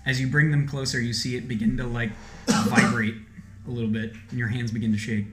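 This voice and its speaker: A man narrating as game master in a tabletop role-playing game, animated and quick to laugh. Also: medium pitch, reverberant.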